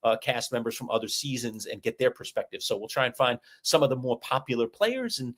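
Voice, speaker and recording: A middle-aged man co-hosting a sports talk show, chatting and telling stories in an animated way. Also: mid-range voice, brisk. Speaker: co-host.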